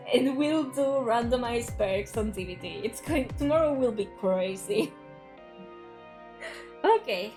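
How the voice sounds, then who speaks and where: A woman's voice: fairly high pitch, lively intonation, slow pace, pauses often, a little mellow, soft background music. A young woman streaming a video game, chatting casually with viewers and reading the game's dialogue aloud in a bubbly way. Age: young adult. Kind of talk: casual stream chat while playing a game.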